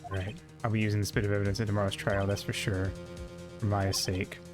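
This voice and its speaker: Guy streaming a game, jokey, swears a bit, kinda low voice, music playing under. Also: flat delivery, quick pace. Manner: joking, swears casually. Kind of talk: casual gameplay commentary, reading dialogue aloud.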